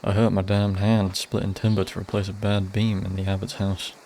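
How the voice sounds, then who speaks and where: A man's voice: on the low side, little pitch movement, a little fast, a little mellow, slight background noise, close to an everyday voice. A man reading the lines of a grumbling male village blacksmith aloud in his own plain voice. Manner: plain read-aloud delivery.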